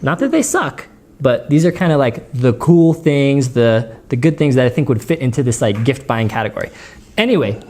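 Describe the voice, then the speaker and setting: A man's voice: medium pitch, a little fast, dark tone. A man with a runny nose hosting a casual gear vlog, chatty and rambling, often breaking into giggles, recorded in his dining room at home. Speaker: gear channel host.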